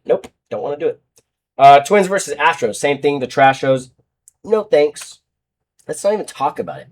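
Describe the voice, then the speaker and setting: A man's voice: medium pitch, darkish tone. A young man hosting a casual sports betting show, going through picks bluntly and joking as he goes. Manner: blunt, joking, trash-talking teams and players.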